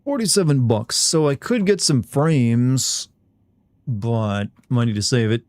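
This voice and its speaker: A man's voice: mid-range voice, animated, slow, a little mellow, no room sound. A man giving casual live commentary while playing a game, swearing freely and talking to himself as he reacts. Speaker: gaming streamer.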